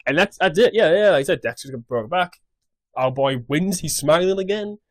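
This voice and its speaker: A man's voice: fairly high pitch, expressive, brisk, no room sound. A young man casually recapping a show on his vlog in a scattered, rambling way, swearing freely. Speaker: YouTube recap host.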